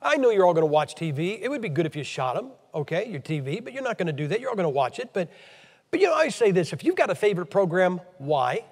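A man's voice: high voice, very animated, quick pace, big-room sound. An American man from Ohio preaching a blunt, emphatic, scolding sermon to a church meeting. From Ohio, USA.

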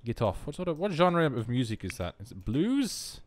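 A man's voice: medium pitch, very animated, normal speed, music in the background. A young man giving wry, self-mocking commentary while playing a life-simulation game. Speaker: let's play host. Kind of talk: casual gameplay commentary.

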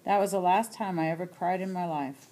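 A woman voicing a grown son, bitter and hurt, speaking in a measured, formal and aggrieved way. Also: lowish voice, steady tone, mellow, natural voice.

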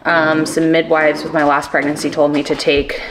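A young, heavily pregnant woman vlogs casually to camera at home, chatty and giggly with lots of fillers. Her voice is deep with a level tone at normal speed, and the background is noisy.

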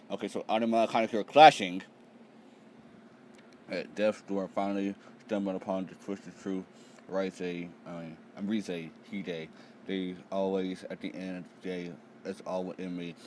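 Deep-voiced young man, profane and excitable. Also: moderate pace, a little hiss or hum. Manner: profane, excitable, reads panels aloud. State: tired. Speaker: manga reaction channel host. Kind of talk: casual live reaction read-aloud.

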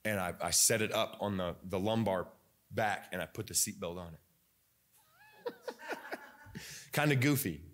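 A man's voice: sits low, a little slow, long pauses, a bit bright. A young male pastor preaching a sermon in a church, restarting often, with many fillers and restarts. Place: church sanctuary.

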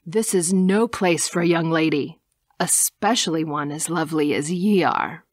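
A woman voicing a tall, mysterious nobleman who speaks slowly and softly in a courtly, old-fashioned way. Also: sits low, no room sound, clean studio sound. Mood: protective. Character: deep-voiced tall mysterious nobleman, intense.

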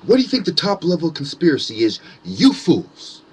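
A man delivers a furious monologue, full of swearing and mock-innocent sarcasm. His voice sits a touch high and sounds husky and rough-edged, as he swings between taunting and shouting at his target. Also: wildly swooping pitch, normal speed. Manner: profane, sarcastic, mocking. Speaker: conspiracy commentator. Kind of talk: angry ranting monologue.

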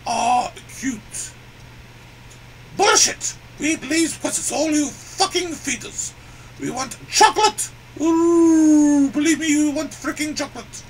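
A man's voice: very high voice, fairly bright tone, slight background noise, exaggerated voice, poor audio. A man voicing a crude, boastful, grumpy male elephant puppet that cries "ooh" and rants with profanity. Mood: ranting. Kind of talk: puppet comedy sketch.

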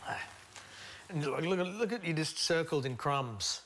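A man's voice: a little high, animated, normal speed, fairly bright tone, a little hiss or hum. A man, a celebrity guest teasing his friends at a dinner. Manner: teasing, playful. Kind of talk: casual banter.

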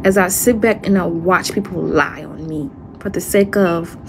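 A woman livestreaming an emotional monologue, upset and distressed, speaking haltingly, repeating phrases and trailing off into sighs. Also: lowish voice, vocal fry, a little hiss or hum.

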